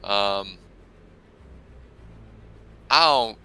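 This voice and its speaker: A man playing a tabletop game, talking hesitantly with many pauses and laughs. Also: on the low side, animated, pushed and bright, smooth. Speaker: player. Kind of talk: casual tabletop play.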